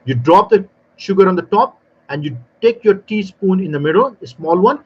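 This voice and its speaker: A man with a high voice explains things with animated storytelling, his grammar loose and non-native. He acts out small exchanges as he goes. The audio is dull and lo-fi. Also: moderate pace, slightly rough. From South Africa. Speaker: barista trainer guest. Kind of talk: live panel talk.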